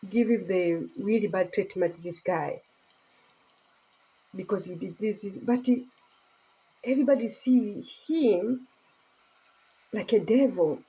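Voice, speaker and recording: A woman's voice: medium pitch, unhurried, pauses often, mellow, rough recording. A woman vlogger in a casual chat, talking in rambling, emotional broken English and laughing often.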